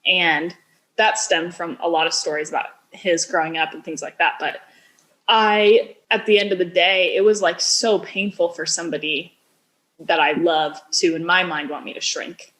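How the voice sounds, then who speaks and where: A woman's voice: fairly low pitch, steady tone, normal speed, fairly bright tone. A woman in her thirties, a business founder, speaking as a podcast guest and telling a personal story in a chatty way, saying "like" often and acting out quoted dialogue.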